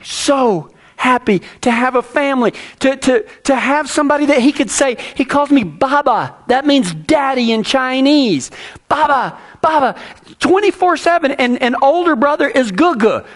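A man's voice: very high voice, lively intonation, normal speed, hardly any pauses. A middle-aged man, preaching a sermon and telling a personal story in a folksy way, with many restarts.

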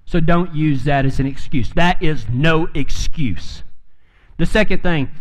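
A man's voice: on the high side, expressive, measured pace. A man preaching a sermon, telling stories in a folksy way and building to emphatic peaks. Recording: long reverb of a hall.

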